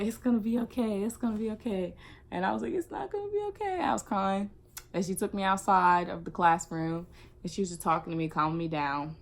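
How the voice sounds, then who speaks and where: A young woman shares a casual storytime on her vlog. Her voice sits a little low, and she tells it in an animated way, acting out the lines of the people in her story. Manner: animated, acts out quotes. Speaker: vlogger.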